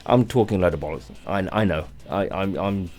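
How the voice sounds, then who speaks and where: Tired man, rambling low-voiced rant. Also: a little mellow, soft background music. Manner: rambling and halting, many restarts, swearing. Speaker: gaming channel host. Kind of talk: unscripted rant vlog.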